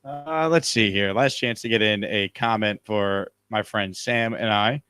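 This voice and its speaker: A man's voice: on the low side, measured pace, sharp tone, clean tone, no echo. A man hosting a casual live stream from a hotel room, upbeat and reading out viewer comments. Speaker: show host.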